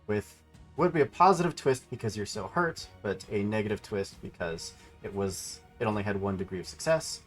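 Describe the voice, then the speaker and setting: A man's voice: on the low side, moderate pace, faint music behind. A man acting as game master, calling out rolls and damage in a matter-of-fact way. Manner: matter-of-fact rules calls. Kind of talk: running a tabletop game.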